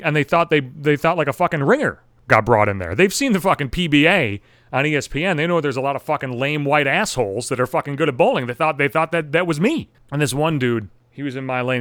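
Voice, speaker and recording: A man hosting his own podcast, telling a story in a casual, profane, sarcastic way with animated retelling. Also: medium pitch, dry recording. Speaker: podcast host.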